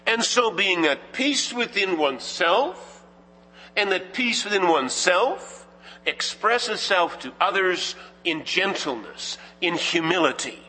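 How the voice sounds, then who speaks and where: Slow, husky male pastor preaching. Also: high-pitched, lively intonation, pushed and bright. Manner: measured, emphatic preaching with rhetorical questions. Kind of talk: sermon. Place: church sanctuary. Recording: reverberant church hall.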